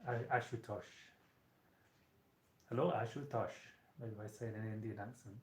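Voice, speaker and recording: A man's voice: on the low side, level tone, quick pace. A man hosting a casual live stream from a small hotel room. He rambles chattily and talks straight to his viewers. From United Kingdom. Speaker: channeler and live-stream host. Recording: roomy echo.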